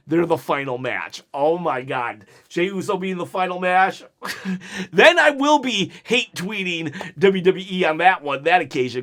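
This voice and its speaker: Chatty high-voiced man reviewing wrestling. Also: a bit bright. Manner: chatty and opinionated, frequent restarts and quick asides. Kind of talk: casual opinion commentary.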